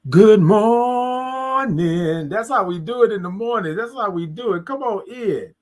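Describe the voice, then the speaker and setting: Guy with a high voice running a morning livestream, stretches out his good mornings, talks y'all-style into a close mic. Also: animated. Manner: drawn-out sing-song greetings to viewers; Southern US vernacular, "y'all". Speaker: livestream morning show host. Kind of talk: casual livestream chat. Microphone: close mic, moved nearer.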